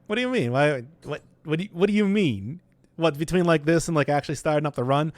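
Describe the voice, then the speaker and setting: He talks fast in a slightly high voice with lively intonation, and the recording is dry. This male gamer streams and replies to chat with jokes, wandering tangents, and self-interruptions, keeping the gameplay commentary casual.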